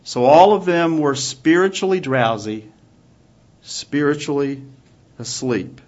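A man preaching a sermon to his congregation in a church, asking measured rhetorical questions. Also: on the high side, a little mellow. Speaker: pastor. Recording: dull lo-fi recording.

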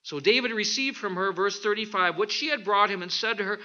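A minister preaches a sermon, telling stories animatedly and reading scripture in a voice that sits high. He talks briskly with hardly any pauses, and the lo-fi recording sounds dull.

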